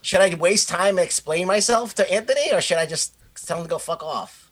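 A man's voice: high-pitched, a little fast, a bit bright. A man voicing an awkward, crude, paranoid basement-dwelling nerd who hates jocks, through a glitchy robotic-sounding feed. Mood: rambling. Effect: robotic glitchy sound that cuts out.

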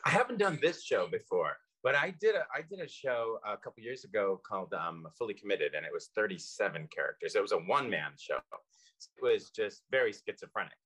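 A man, a stage actor, talking about his work in an interview, lively and self-deprecating with a joking tone. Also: lowish voice, a little fast, slightly rough. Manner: animated, self-deprecating, jokey. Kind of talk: casual interview chat.

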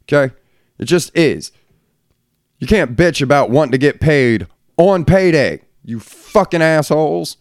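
A man's voice: fairly high pitch, lively intonation, unhurried, no room sound, clean studio sound. A middle-aged man hosting a solo podcast from a room at home, talking bluntly and ranting with plenty of swearing. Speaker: podcast host. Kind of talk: casual solo podcast rant.

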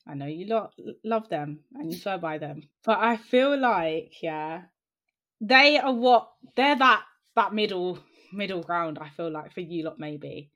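A woman's voice: lowish voice, measured pace, fairly bright tone. Laid-back young woman, trailing off. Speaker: podcast co-host. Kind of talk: casual chat.

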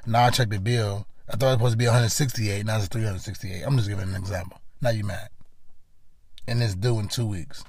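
A man's voice: lowish voice, fairly quick, no room sound. A man hosting a motivational monologue, talking in an earnest, conversational way and often repeating his phrases. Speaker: podcast host.

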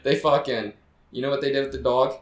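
A man's voice: mid-range voice, fairly even intonation, brisk. A man co-hosting a podcast, rambling through crude, profane banter with frequent laughs. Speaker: podcast co-host. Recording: roomy echo.

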